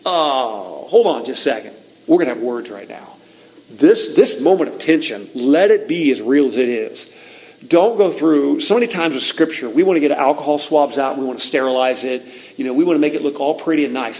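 A man's voice: fairly high pitch, poor audio. A male pastor preaching a conversational, emphatic sermon with frequent asides to the congregation.

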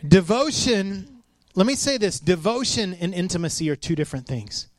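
A man in his thirties gives a chatty sermon in a fairly high voice, telling stories and acting out the voices in them. His delivery is animated, and the sound is close and dry. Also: normal speed, no room sound. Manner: storytelling, animated, acts out quotes. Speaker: pastor. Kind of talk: conversational sermon.

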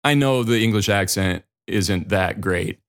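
A middle-aged man with a Dakota accent hosting a podcast, telling stories in a self-deprecating, animated way. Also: lowish voice, a little slow. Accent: American, Dakota. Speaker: podcast host. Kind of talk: casual solo podcast talk.

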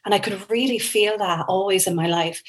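A woman's voice: mid-range voice, a little fast, poor audio. A woman with an Irish accent, a guest in an interview, telling a personal story earnestly and with feeling. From Ireland. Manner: earnest, emotional, animated storytelling.

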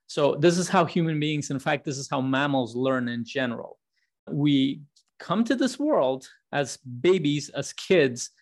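A man's voice: a little high, expressive, a little slow. A man in his thirties hosting a podcast, talking in a casual, rambling way with frequent restarts. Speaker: podcast host.

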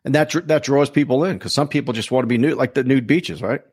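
Male podcast host, mid-range voice, animated casual storyteller who swears, dry close sound. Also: mid-range voice, quick pace, husky, no echo. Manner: animated, swears freely, acts out quoted voices.

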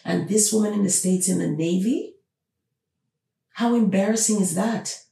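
Woman host, opinionated monologue, emphatic and repetitive; gravelly low-bright tone, recorded off-mic in a roomy space. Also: normal speed, far from the mic. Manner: emphatic, repeats rhetorical questions. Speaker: podcast host.

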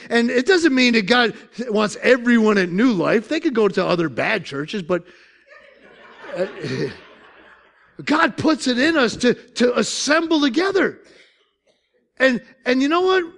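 Older male pastor, Upstate New York accent, lively swooping pitch, gravelly, joking storyteller. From Syracuse, New York. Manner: animated, joking storytelling with laughs. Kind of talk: sermon.

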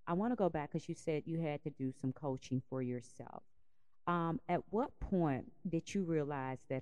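A woman's voice: sits low, moderate pace, mellow, clean tone, no echo, muffled recording. A woman hosting an interview show, asking questions and encouraging her guest. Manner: encouraging, affirming. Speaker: interview host.

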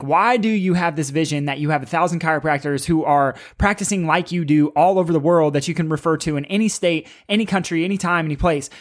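A man hosting his own podcast as a chiropractor, talking in a fired-up, emphatic way and repeating key phrases for punch. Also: fairly high pitch. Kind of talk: motivational solo podcast talk.

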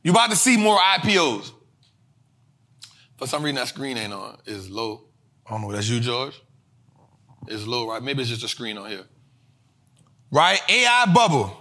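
A man hosting a street-style finance lesson, talking in slang, repeating his points emphatically and bursting into shouts. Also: medium pitch, very animated, normal speed, pauses often. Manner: emphatic and repetitive, drilling points home. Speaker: host.

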